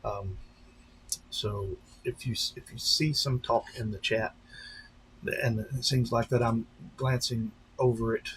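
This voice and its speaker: A man hosting a casual live stream, rambling along with many fillers and restarts and slipping into lively voices when he retells a story. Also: mid-range voice, unhurried, slight background noise, low-quality recording. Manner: breaks into animated voices when retelling stories. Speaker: channel host on a live stream.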